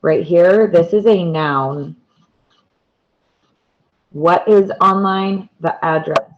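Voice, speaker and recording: Woman teacher, measured and deliberate, repeats key words, slow delivery, lo-fi sound. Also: fairly low pitch, noisy background. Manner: patient, repeats key words and points to examples. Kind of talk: slow, deliberate classroom explanation.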